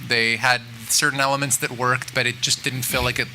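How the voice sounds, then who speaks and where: A man, a film director, answering interview questions in a thoughtful, halting way, full of fillers and restarts. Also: medium pitch, level tone, pushed and bright, a little hiss or hum. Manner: thoughtful, musing. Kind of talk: press junket interview.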